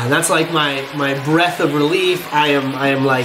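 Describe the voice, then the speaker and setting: A man's voice: fairly high pitch, unhurried, background noise. A man commenting casually on a video of his own performance, acting out what he was thinking at the time. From Orlando-based. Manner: animated, acts out his own inner thoughts. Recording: echoey room.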